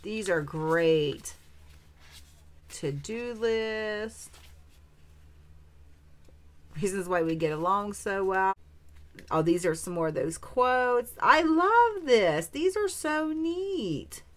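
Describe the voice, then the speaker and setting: A woman's voice: medium pitch, expressive, slow pace, pauses often. A woman vlogger chatting casually as she opens a craft supply swap, gushing with delighted exclamations over each item. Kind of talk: casual unboxing chat.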